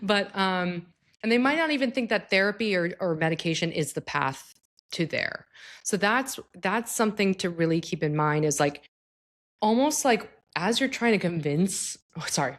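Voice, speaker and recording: A woman's voice: medium pitch, animated, moderate pace. A woman psychologist giving advice in a casual, explanatory talk, speaking informally and addressing the listener directly with tag questions.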